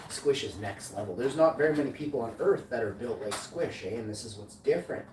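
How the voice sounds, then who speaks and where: A man's voice: lowish voice, lively intonation, brisk, hardly any pauses. A man hosting his own vlog, rambling boastfully in slang with frequent self-corrections. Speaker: vlogger, channel host. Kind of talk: casual rambling monologue. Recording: echoey room, distant mic, faint noise.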